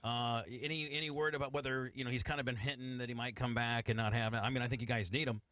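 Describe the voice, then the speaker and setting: A man's voice: medium pitch, flat delivery, quick pace, a bit bright, no room sound. A man hosting a radio show, asking brash, crude, joking questions in a casual studio chat.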